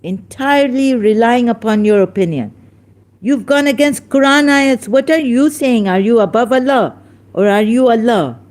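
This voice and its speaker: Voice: mid-range voice, normal speed, a little mellow. A speaker hosting a heated religious debate, scolding a caller with emphatic rhetorical questions and sounding angry. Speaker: online debate host.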